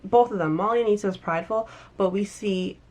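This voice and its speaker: A woman casually recapping and reviewing a TV episode, animated and emphatic, often restarting sentences. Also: mid-range voice, a little fast.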